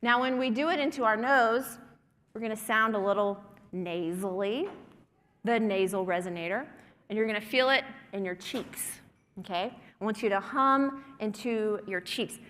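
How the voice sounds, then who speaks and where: A woman's voice: mid-range voice, normal speed, a bit bright. A woman presenter leading a group through breathing and humming exercises in an encouraging way, in a conference breakout room. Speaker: workshop presenter. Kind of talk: guided breathing and humming workshop. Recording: long hall reverb.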